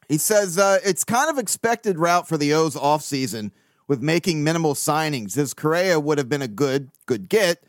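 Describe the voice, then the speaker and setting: A man's voice: a little high, no echo, studio quality. A man hosting a casual solo podcast, reading listener emails in a loose, rambling way, swearing casually and laughing often.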